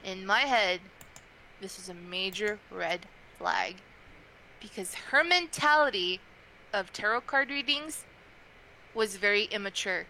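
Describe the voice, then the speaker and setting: Bright-voiced young woman chatting. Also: medium pitch, a little slow, long pauses, slight background noise, poor audio. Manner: chatty, frequent fillers, animated quoting. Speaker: guest, tarot reader. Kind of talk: casual interview chat.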